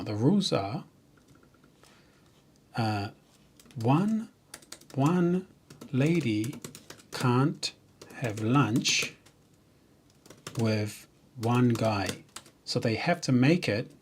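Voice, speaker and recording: A man, a software developer, chatting casually and jokingly on a livestream, rambling with many fillers and restarts. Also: mid-range voice, expressive, takes it slowly, pauses often, slight background noise.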